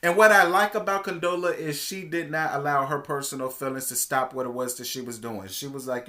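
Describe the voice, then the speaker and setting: A man giving a casual, sassy TV episode recap, chatty and expressive, calling his viewers "girl.". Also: medium pitch, fast talker, hardly any pauses. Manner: expressive, swings between hushed asides and loud exclamations. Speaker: TV show reviewer.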